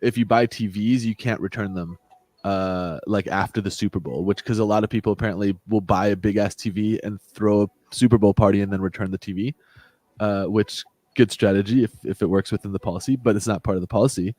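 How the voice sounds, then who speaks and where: A man's voice: on the low side, steady tone, a little fast, a little mellow, no echo. A young man co-hosting a casual podcast, telling a swearing, laughing retail work story. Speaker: podcast co-host. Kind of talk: casual chat.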